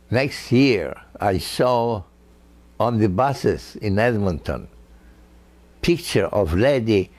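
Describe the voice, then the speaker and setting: An older man telling family stories in a halting, chuckling way, with many fillers and broken, non-native grammar. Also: low voice, creaky. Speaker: grandfather recounting family history. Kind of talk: casual personal storytelling.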